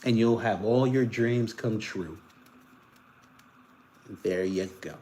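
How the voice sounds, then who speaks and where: A man's voice: lowish voice, takes it slowly. A man from the Caribbean hosting casual commentary, reading posts aloud with sarcastic, mocking remarks and muttered asides. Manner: animated, sarcastic, mocking, swings between loud and muttered asides. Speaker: political commentary host.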